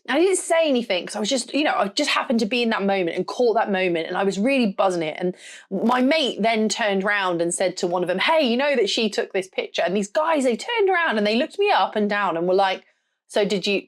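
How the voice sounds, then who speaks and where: Young adult woman podcast host, southern English with a rural edge, loud, direct, no-nonsense, mid-range voice. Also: medium pitch. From south of England. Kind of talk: casual solo podcast monologue.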